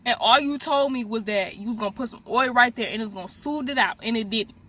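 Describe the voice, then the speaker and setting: A young woman vlogger telling a story in a casual, animated way, speaking straight to her viewers. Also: fairly high pitch, fast talker. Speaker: beauty vlogger. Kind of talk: storytime vlog, casual chat.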